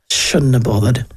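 A middle-aged New Zealand woman hosting a radio show, telling a story in a chatty, animated way with frequent laughs. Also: extremely low pitch, breathy edge. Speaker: radio host. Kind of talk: casual storytelling chat.

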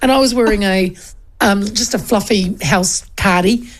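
Nz woman telling a yarn on a chat show, acts out the voices, bit of fry in it. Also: mid-range voice, moderate pace. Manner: animated storyteller, acts out quoted voices. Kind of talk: casual chat.

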